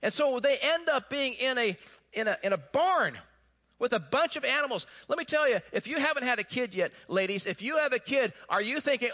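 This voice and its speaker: A man preaching a sermon who tells the story in an animated way, then turns quiet and earnest. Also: extremely high pitch, brisk. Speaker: pastor.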